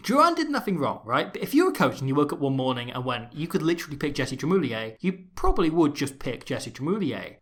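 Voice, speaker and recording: A man hosting a scripted rugby analysis video, wry and jokey, with sarcastic asides and bursts of excited emphasis. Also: fairly high pitch. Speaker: rugby analysis channel host.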